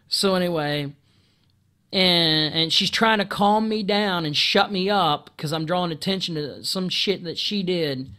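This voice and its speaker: Loud outbursts punctuate this profane, angry rant from a male video commentator talking to a camera. His pitch is fairly high, and he keeps stumbling into restarts and clearing his throat.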